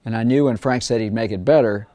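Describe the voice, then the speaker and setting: Speaking fast in a medium-pitched, dark voice with no echo, a male record producer chats loosely in an interview. He wanders through stories and raises his voice to reenact past conversations.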